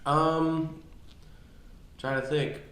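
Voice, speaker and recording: A man's voice: on the high side, level tone, drawn-out words, fairly bright tone. A man in his thirties, a podcast co-host, telling family anecdotes in a rambling, casual way with many restarts, recorded on location. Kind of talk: casual storytelling chat. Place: on location near his home. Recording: echoey on-location recording with faint ambience.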